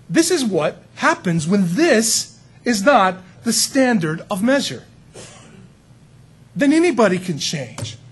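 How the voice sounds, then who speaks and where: A male preacher with a high, husky voice. He preaches a sermon in a lively, conversational way and keeps turning to his listeners with asides.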